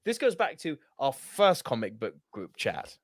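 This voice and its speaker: Animated, sweary man, lively pitch. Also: unhurried, dry recording, studio quality. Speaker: podcast co-host. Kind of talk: casual podcast chat.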